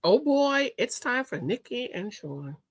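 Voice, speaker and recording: A woman hosting a reality TV recap, talking in a sassy, animated way and calling out the people she reviews. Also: a little high, a little slow, dry recording. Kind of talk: casual commentary.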